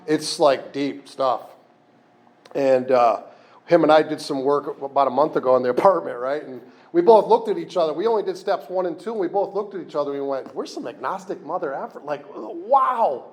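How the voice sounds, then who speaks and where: A man's voice: a little high, fairly quick, a little mellow. A man speaking at a recovery meeting, candid and self-deprecating, rambling with frequent restarts, in a meeting room.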